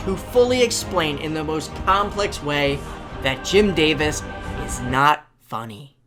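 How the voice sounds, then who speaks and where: A woman hosting a reaction commentary video, animated and sarcastic with sudden exclamations. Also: on the low side. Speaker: host.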